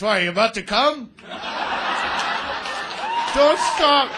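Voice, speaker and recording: Man, stand-up comedian, crude, rambling, crowd banter, high voice, live club recording, loud audience. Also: expressive, takes it slowly, long pauses, heavy background noise. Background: audience laughter.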